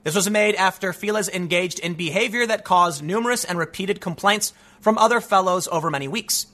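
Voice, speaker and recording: A man's voice: sits high, a little fast, sharp tone. A man hosting an opinionated news commentary show, reading stories aloud and mocking them with sarcastic, rambling asides.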